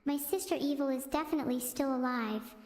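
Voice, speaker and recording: A synthetic female voice streaming casual stand-up style chat, with flat text-to-speech delivery and self-absorbed jokes. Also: high-pitched, brisk, reverberant, big-room sound.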